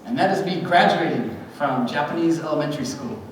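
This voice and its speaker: A man tells a personal testimony in a lively, animated way, slipping into other people's voices as he goes. His voice sits a little high, and he is picked up from far off in a big echoing hall with a long reverb. Steady room noise hangs underneath. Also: a little fast. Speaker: speaker at a church gathering. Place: church hall event. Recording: echoey hall recorded from far off.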